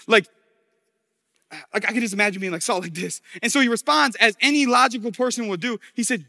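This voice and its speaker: A man's voice: high-pitched, a little fast, vocal fry, sharp tone, long reverb tail. A man preaching a casual, story-driven sermon with slang and jokey asides in a church.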